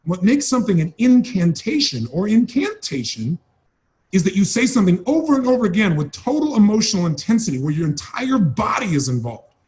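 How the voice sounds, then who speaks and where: Speaking fairly quickly in a high-pitched, sing-song voice with a darkish tone, a man delivers a motivational seminar. His dramatic, emphatic style includes repeated phrases and impressions of the people he talks about.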